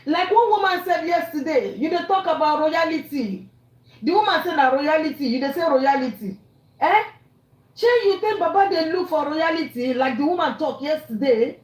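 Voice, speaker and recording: A woman's voice: high voice, expressive, moderate pace, reverberant, rough recording. A woman with a Nigerian accent ranting angrily and scolding, mixing English, Pidgin and Yoruba. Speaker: online commentator. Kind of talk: angry rant.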